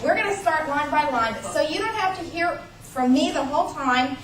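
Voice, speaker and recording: A woman teaching a church class, explaining history in a clear, measured lecture with emphatic pauses. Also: high-pitched, animated, fairly bright tone. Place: large church room. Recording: echoey room from far off, faint hiss.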